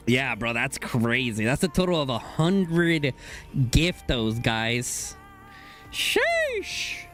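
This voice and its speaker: A young man streaming a game live, talking to his chat in casual slang and bursting into excited high exclamations. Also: slow pace, faint music behind.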